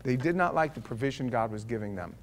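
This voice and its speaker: A man preaching a sermon. He swings between loud, emphatic declarations and quiet, low asides, and he asks the congregation rhetorical questions. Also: expressive, fast talker, a little hiss or hum.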